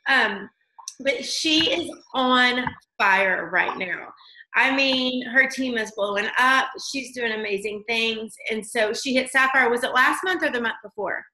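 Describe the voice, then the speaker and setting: A woman's voice: on the high side, measured pace, bright, forceful tone, reverberant, low-quality recording. A woman with a Southern US accent hosting a team video call, gushing and effusive. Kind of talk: emotional casual chat on a video call.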